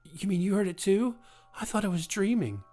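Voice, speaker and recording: A man's voice: mid-range voice, normal speed, lightly acted. A man reading the part of a nervous young woman in a spooky story. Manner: nervous, raised voice.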